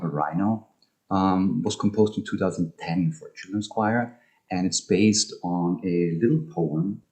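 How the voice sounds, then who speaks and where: A man's voice: low voice, a little mellow. A man giving an online academic talk on music and poetry, speaking hesitantly with many ums and restarts over a video call.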